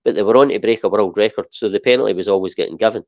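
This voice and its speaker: A Scottish man co-hosting a football podcast, talking in an animated, emphatic way and often tagging points with "right?". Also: lowish voice, racing, dry recording, dull audio. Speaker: podcast co-host. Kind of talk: casual football chat.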